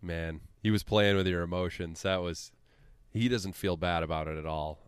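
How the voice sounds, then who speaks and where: A man's voice: sits low, steady tone, moderate pace, smooth, no echo, studio quality. A man co-hosting a sports podcast, talking in blunt, dismissive, grumbling banter. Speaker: podcast co-host.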